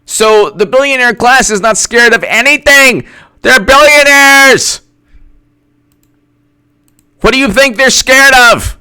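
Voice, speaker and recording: A man giving casual political commentary in an animated, incredulous way, firing off rhetorical questions and repeating himself. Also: very high-pitched, slow, pauses often, smooth. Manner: greets live chat viewers by name.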